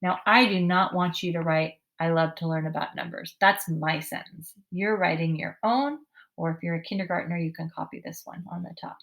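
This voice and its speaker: A woman teaching a writing lesson to young children, speaking slowly and clearly and sounding out each word with encouragement. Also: on the low side, a bit bright.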